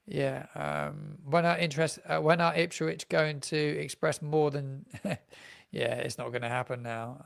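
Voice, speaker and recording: A man who makes football fan content chats on a live stream about the transfer deadline, rambling, repeating himself, and saying um a lot. His voice is medium-pitched and creaky.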